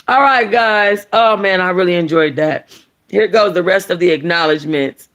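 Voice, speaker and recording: Animated woman reading a novel aloud. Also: fairly low pitch, normal speed. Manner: animated, slangy, expressive. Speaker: book club host and reader. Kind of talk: reading a novel aloud, then casual chat.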